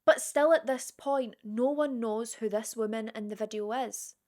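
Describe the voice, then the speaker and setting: A woman's voice: a little high, moderate pace, a little mellow. A woman telling a true crime story in a casual, chatty way, with conversational asides to the viewer.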